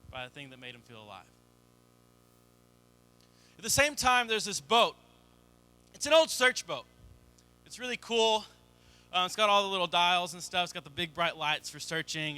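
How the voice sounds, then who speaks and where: Young guy pastor preaching, pretty high voice, super bright sound, tells it like a story. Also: clear, resonant tone. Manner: storytelling, acts out quoted voices. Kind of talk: sermon.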